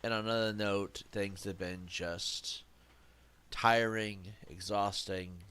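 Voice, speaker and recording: Male streamer, fairly low voice, stuffy nose, rambling and jokey. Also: a bit bright. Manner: reflective, rambling, jokey asides. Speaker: live streamer. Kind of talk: casual live-stream talk while gaming.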